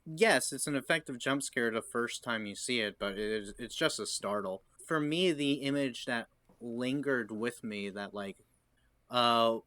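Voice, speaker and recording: A man's voice: medium pitch, dry recording. A man co-hosting a podcast, talking casually about horror films and acting out scenes as he describes them. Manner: animated, quotes scenes in voices. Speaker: podcast co-host. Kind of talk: casual film discussion.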